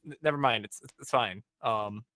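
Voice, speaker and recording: In a dry recording, a young man with a mid-range voice speaks at normal speed as he casually recaps a podcast episode. He acts out the characters' lines in an animated way, peppering them with many "um"s and "like"s.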